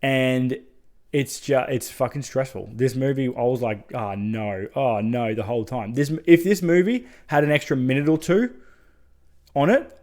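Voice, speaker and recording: A man's voice: mid-range voice, expressive, normal speed, darkish tone. A man giving a casual, enthusiastic spoken review of horror short films, swearing freely and adding chatty asides.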